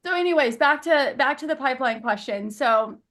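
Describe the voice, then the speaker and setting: A woman with a Southern American accent hosts a virtual summit, asking rambling questions in a chatty way. Her voice sits a little high. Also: expressive, a little fast, a bit bright, slight background noise. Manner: chatty, many fillers, laughs easily. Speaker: summit host. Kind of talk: casual chat.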